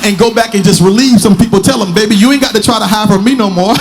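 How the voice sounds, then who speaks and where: A male pastor preaching, swinging into shouted, half-sung lines and calling on the congregation. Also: high-pitched, fast. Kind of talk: sermon. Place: church sanctuary.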